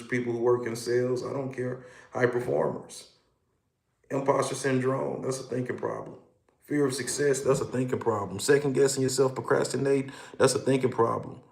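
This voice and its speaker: Male hypnotist, livestream host, gravelly edge, roomy echo, greets viewers one by one. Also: mid-range voice, darkish tone. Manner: upbeat, greets viewers by name, coaching tone. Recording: echoey room.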